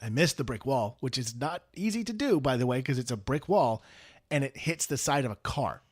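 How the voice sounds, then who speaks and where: A man's voice: medium pitch, expressive, brisk, breathy edge. A man co-hosting a podcast in casual chat, telling self-deprecating stories with a joking manner. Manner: self-deprecating, jokey storyteller. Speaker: podcast co-host.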